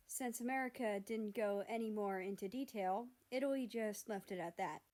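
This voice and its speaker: A woman narrating fan fiction aloud in a steady, measured storybook reading. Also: mid-range voice.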